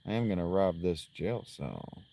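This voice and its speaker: A man's voice: sits low, lively intonation, a little slow, creaky, mellow, slight background noise. A man streaming a video game, chatting casually with jokes, self-mockery and the odd swear word. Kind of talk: casual gameplay commentary.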